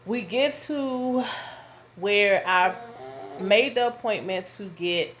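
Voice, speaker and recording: A woman, telling a casual story to her viewers at home, animated and full of asides. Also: mid-range voice, takes it slowly. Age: 30s. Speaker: vlogger. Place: home with her young son nearby.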